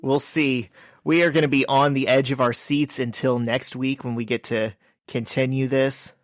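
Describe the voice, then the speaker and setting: A man's voice: mid-range voice, no room sound. Laid-back podcast guy rambling through a story, um and like a lot, dry close mic. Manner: relaxed storyteller, drawn-out with fillers. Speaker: podcast co-host. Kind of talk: casual chat.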